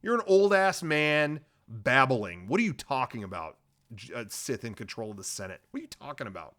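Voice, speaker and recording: A man's voice: medium pitch, sing-song, moderate pace, sharp tone. A man doing a foul-mouthed, outraged young knight. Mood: indignant. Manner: indignant, swearing.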